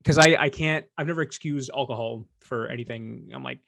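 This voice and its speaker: A man's voice: medium pitch, a little fast, gravelly, a bit bright, no echo, clean studio sound. A man co-hosting a podcast in casual chat, telling self-deprecating stories. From Punjabi background. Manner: chatty, self-deprecating storyteller. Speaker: podcast co-host.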